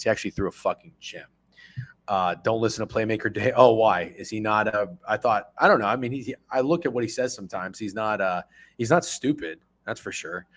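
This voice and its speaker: Hosting a sports betting stream, this thirtysomething man swears a lot as he reacts excitedly and casually to chat. He's on the low side, and the recording has no echo.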